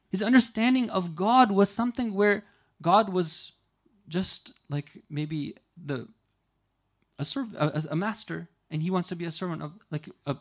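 A man giving an earnest, explanatory sermon. He tells a story slowly, stresses key lines and keeps checking in with listeners by asking "right?". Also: a little high. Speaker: religious lecturer.

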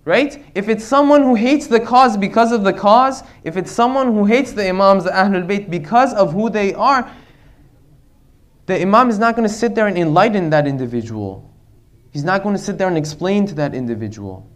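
Male religious lecturer, high-pitched, earnest, rhetorical. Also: expressive, moderate pace.

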